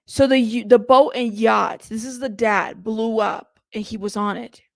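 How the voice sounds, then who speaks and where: A woman hosting a casual live stream, chatty and playful, reading viewer comments aloud and giving shout-outs. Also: on the high side, fairly even intonation, unhurried, vocal fry, dry recording, studio quality. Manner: playful, teasing. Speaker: livestream host.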